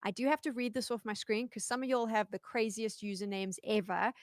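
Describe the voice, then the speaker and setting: A South African woman hosting an esports show, chatty and upbeat, reading out fan shout-outs. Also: fairly high pitch, a little fast, dry recording, clean studio sound. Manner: upbeat, chatty, stumbling through usernames. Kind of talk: live esports broadcast hosting.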